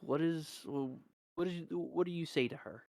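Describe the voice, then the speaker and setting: A man narrating a tabletop game as game master, slow and halting with fillers. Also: on the high side, vocal fry, darkish tone, no room sound, studio quality.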